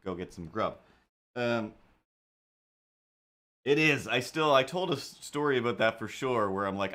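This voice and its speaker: A man hosts a live stream while he draws, rambling casually between tasks. He mutters playful asides to himself and hums little nonsense sounds. His voice sits at an ordinary middle pitch. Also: lively intonation, unhurried, long pauses, a bit bright. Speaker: live-stream artist host.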